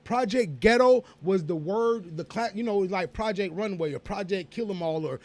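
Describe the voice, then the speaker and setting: A man, co-hosting a casual podcast in a rambling, animated and profane way, always going off on tangents. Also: high-pitched, moderate pace. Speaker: podcast co-host.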